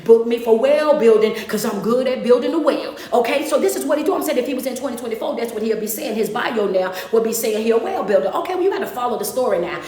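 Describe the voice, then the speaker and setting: A woman's voice: fairly high pitch, darkish tone. Roomy, distant woman preaching a Bible story. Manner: colloquial, conversational storytelling, acts out the story in first person. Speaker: motivational speaker. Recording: roomy echo, distant mic, faint background noise.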